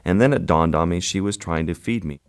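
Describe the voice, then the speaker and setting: Low-voiced man telling a wild story. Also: a little hiss or hum. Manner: halting, vivid storytelling with pauses and fillers. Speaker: photographer guest. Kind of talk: recounting a story in an interview.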